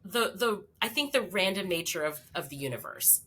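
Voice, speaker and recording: A woman in her forties, a podcast guest, telling a story in a chatty, animated way with many fillers. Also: on the low side, normal speed, husky. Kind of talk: casual storytelling.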